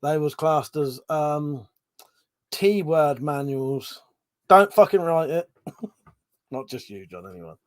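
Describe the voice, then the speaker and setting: A man hosting a laid-back live stream with a slightly higher voice, reading viewer comments aloud. He has a cold, so he sniffles and coughs between lines, and he swears and laughs a lot. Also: sing-song, a little slow.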